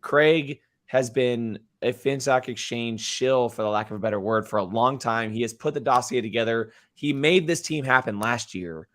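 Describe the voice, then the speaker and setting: A man co-hosting a casual podcast, a bit hoarse, rambling and often tacking on "right?". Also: mid-range voice, normal speed, hardly any pauses. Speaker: podcast co-host.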